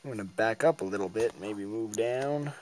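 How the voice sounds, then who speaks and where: A man's voice: lowish voice, moderate pace, darkish tone, slight background noise. A man casually narrating his turn-by-turn game battle in a goofy, rambling way, acting out his own reactions.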